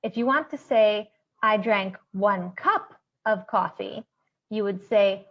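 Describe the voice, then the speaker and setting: Gravelly woman teaching grammar. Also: medium pitch, muffled recording. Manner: slow, careful Chinese example sentences. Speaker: Chinese teacher. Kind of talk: scripted grammar lesson.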